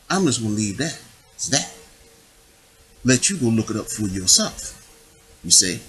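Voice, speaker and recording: A man's voice: fairly low pitch, very animated, moderate pace, pauses often, a bit bright, rough recording. A man giving a rambling spiritual monologue, digressive and full of rhetorical questions. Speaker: public official making his own videos.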